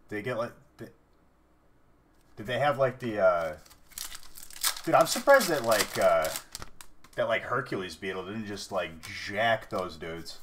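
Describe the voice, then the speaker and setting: A man's voice: fairly low pitch, fairly bright tone, slight background noise. A man hosting a card-break livestream, rambling in casual chat and saying "dude" a lot.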